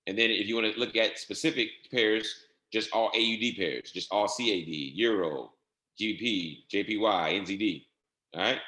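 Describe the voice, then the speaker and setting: A man walking viewers through trading software settings step by step in a casual, repetitive way. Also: lowish voice, normal speed, reverberant. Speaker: trading instructor. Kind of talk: screen-share software tutorial.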